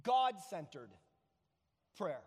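A pastor giving a sermon, telling a story in an animated way and repeating words for effect. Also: male voice, high-pitched, very slow, in a large hall.

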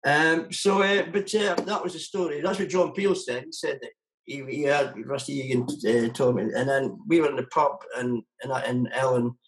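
A man's voice: medium pitch, moderate pace, low-quality recording. A man being interviewed as a musician guest, talking casually and rambling with many restarts.

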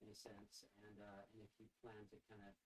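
Staff member relaying a viewer question; low, dark man's voice, faint noise behind. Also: monotone, quick pace. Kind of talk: reading out a question.

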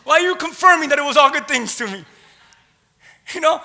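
A man preaching a sermon in a church, impassioned, swinging between loud declarations and hushed asides. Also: extremely high pitch, lively intonation, brisk.

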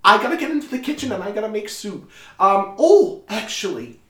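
A man voicing a fussy, motherly older woman who chatters in a high, fluttery voice. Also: sing-song, fairly quick, sharp tone, roomy sound, exaggerated voice. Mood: fussing.

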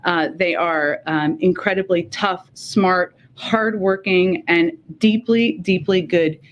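Woman spokesperson, low voice, halting farewell speech, lots of "um"s. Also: steady tone. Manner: halting, many fillers, fighting emotion. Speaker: press secretary at a briefing. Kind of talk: formal farewell remarks at a podium.

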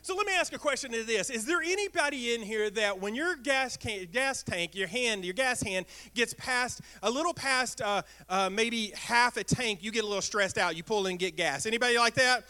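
A man preaching a sermon as pastor, talking in a lively way and asking the congregation questions. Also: extremely high pitch, normal speed, few pauses. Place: church sanctuary.

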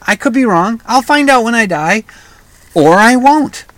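A middle-aged man from the upper Midwest, hosting his own show in a rambling, halting monologue full of restarts. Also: extremely high pitch, lively intonation, a bit bright, no echo. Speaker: podcast host. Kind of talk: casual monologue.

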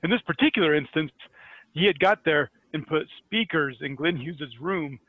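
A Scottish man chatting as a podcast co-host, sharing band anecdotes with plenty of "uh"s and laughs. His voice sits a little high. It comes through a thin, phone-like line. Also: normal speed, no room sound. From Scotland. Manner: chatty storyteller with many "uh" fillers and laughs. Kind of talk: casual chat.

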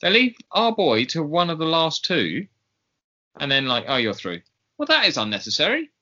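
A man's voice: fairly high pitch, very animated, moderate pace, pushed and bright. A man co-hosting a podcast in casual chat, talking in a chatty, hesitant way with many ums. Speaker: podcast co-host. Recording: slightly dull lo-fi sound.

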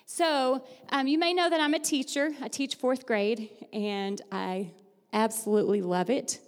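A woman's voice: fairly high pitch, fairly even intonation, a little slow. A woman who teaches fourth grade, giving an upbeat, chatty church talk in her teacher voice, laughing easily and leading the crowd. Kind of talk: lively church devotional with audience participation. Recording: long hall reverb.

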